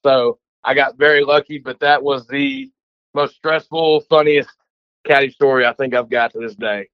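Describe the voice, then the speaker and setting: A man's voice: medium pitch, animated, normal speed, dry recording. Chatty man from Texas, muffled message. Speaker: listener calling in with a story. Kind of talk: casual recorded voice message.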